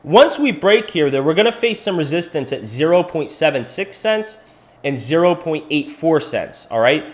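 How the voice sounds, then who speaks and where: A man's voice: a little high, moderate pace. A middle-aged man from Pennsylvania hosting a crypto livestream, walking through price charts and answering viewers in chat by name. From Pennsylvania, USA. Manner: animated, talks to viewers by name. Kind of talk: live chart analysis with chat questions.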